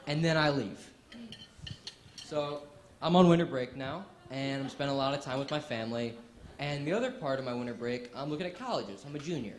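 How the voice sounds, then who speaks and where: A man's voice: fairly high pitch, fairly quick. A sixteen-year-old boy doing stand-up comedy in a club, telling stories with put-on voices. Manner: animated storytelling with put-on voices. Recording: roomy club with audience noise.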